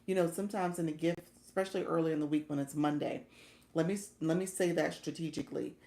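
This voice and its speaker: Woman livestream coach, low gravelly voice, chatty and laugh-prone, echoey room. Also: steady tone, fast, mellow. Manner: chatty, laughs often, thanks viewers by name. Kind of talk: casual livestream talk, reading chat.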